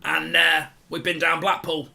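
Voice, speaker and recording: A man's voice: fairly high pitch, completely flat delivery, a little slow, gravelly, sharp tone, pitched above the performer's own voice, exaggerated voice. A man putting on the voice of a carefree young male footballer who rambles chummily in slang. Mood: cheerful. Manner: rambling, slangy, laid-back.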